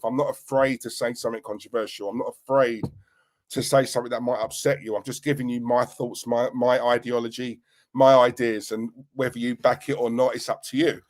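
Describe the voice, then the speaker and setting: A middle-aged man, casually chatting on a livestream and giving loud shout-outs to his viewers. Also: a little high. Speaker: livestream host.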